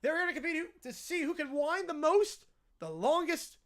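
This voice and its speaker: A man hosts a mock game show with a dry, deadpan wit. His delivery rides lively ups and downs, and he tosses off wry asides between questions. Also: extremely high pitch, normal speed. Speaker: host. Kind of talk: comedic parody game show hosting.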